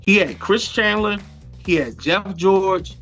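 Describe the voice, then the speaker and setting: A man's voice: sits high, takes it slowly, fairly bright tone, faint music behind, low-quality recording. A man co-hosting a sports talk show, arguing heatedly and cutting in with "hold on.". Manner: interrupts, repeats "hold on".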